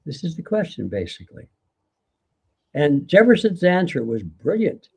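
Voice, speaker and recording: Gravelly older man lecturing earnestly. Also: fairly high pitch, very animated, moderate pace, warm tone. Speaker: guest author. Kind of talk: live conversation.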